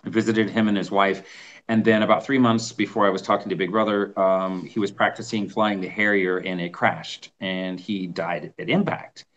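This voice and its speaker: A middle-aged man telling a story as an interview guest, animated and acting out the voices of people he quotes. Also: sits low, normal speed, muffled recording. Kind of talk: casual storytelling.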